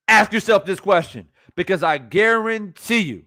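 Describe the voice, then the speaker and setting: A man's voice: sits high, lively intonation, normal speed, few pauses, bright, forceful tone, no echo, clean studio sound. A man ranting on a live stream, blunt and profane, hammering his points through repetition. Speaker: streamer reacting to boxing news. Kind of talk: live-stream reaction rant.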